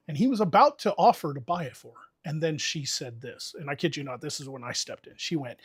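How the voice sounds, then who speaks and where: A man's voice: a little high, lively intonation, brisk, fairly bright tone, slightly rough, no room sound, clean studio sound. A man casually telling a long, profane story to friends on a stream, talking with lots of energy.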